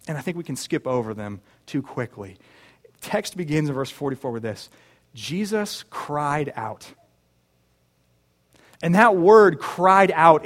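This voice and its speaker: Male pastor, earnest sermon delivery, slightly high-pitched voice, rhetorical asides. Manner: earnest, with rhetorical questions and restarts.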